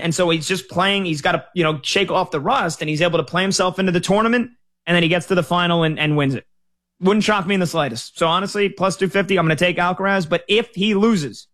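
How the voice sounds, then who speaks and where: A man's voice: a little high, a bit bright. A man talking casually as a sports betting analyst, weighing picks in a loose conversational way with frequent filler words and restarts.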